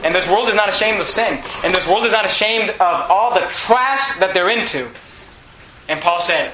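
A man preaching a sermon, emphatic, with bursts of loud, bold delivery. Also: high-pitched, expressive, normal speed. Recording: echoey room, faint hum.

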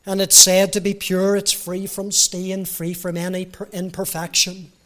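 A male preacher delivers a gospel sermon in a high, measured voice. He speaks slowly and deliberately, then swells into loud, fervent emphasis. He is heard from a church pulpit. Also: monotone. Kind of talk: evangelistic sermon.

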